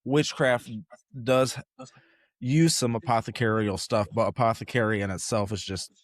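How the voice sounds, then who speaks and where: A man's voice: medium pitch, moderate pace. A man chatting casually on a podcast, rambling with lots of fillers. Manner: relaxed, rambling with frequent fillers. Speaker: podcast host. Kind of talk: casual chat. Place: home podcast setup.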